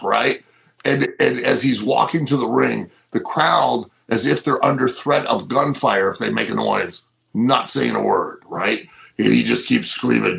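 A middle-aged man co-hosting a casual wrestling podcast, telling stories in an animated way and acting out what people said. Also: medium pitch, unhurried, creaky, low-quality recording. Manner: animated storyteller, acts out quotes. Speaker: co-host.

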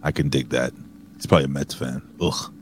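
A man co-hosting a wrestling review podcast in casual banter, blunt, profane and excitable. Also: extremely low pitch, a little fast, a little hiss or hum. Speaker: podcast co-host.

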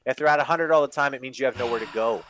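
A man's voice: medium pitch, very fast, a bit bright, dry recording. A man co-hosting a podcast, ranting in exasperated, sweary casual chat. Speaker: podcast co-host.

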